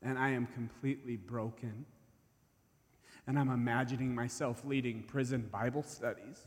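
A man preaching, telling a personal story in a sermon; his intense delivery swings from hushed to loud. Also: mid-range voice, steady tone, moderate pace. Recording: long reverb of a large hall.

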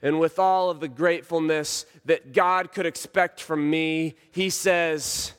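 Slow-speaking preacher in a big echoing hall. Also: male voice, a little high, fairly even intonation, smooth. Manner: storytelling, dramatic swings from quiet to shouting. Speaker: pastor. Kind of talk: sermon. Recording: long reverb of a large hall.

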